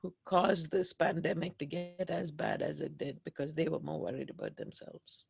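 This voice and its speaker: A woman leading a guided tapping session, speaking slowly and emphatically as she voices raw anger and fear. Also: sits low, vocal fry, husky, dry recording. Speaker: tapping practitioner.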